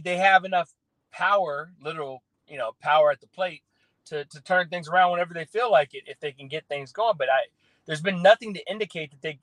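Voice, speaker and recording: A man from the American South talks sports on a radio show, opinionated and animated, often restarting his phrases. His voice sits a bit high for a man. The sound is dry and close, with no room echo. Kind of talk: casual sports talk.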